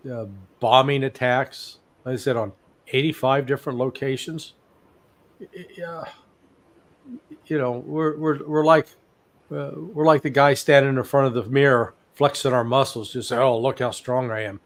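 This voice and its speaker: A man's voice: medium pitch, steady tone, measured pace. An older man in his sixties, a guest analyst giving blunt, sarcastic commentary in a live interview, telling stories with animation.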